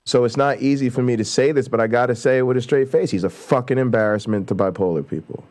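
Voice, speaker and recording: A man's voice: mid-range voice, fast talker, a little mellow. A man hosting a casual livestream, talking bluntly and profanely and building to heated, emphatic outbursts. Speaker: show host.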